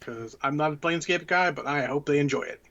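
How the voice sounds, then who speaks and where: A man's voice: on the high side, fast talker, fairly bright tone, muffled recording. A man co-hosting a tabletop gaming podcast, ranting bluntly and swearing a lot in casual chat. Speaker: podcast co-host.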